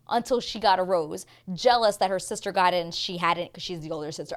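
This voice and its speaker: Woman in her thirties, casual recap host, chatty and animated, playful quoted voices. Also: fairly low pitch, fast, hardly any pauses. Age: 30s.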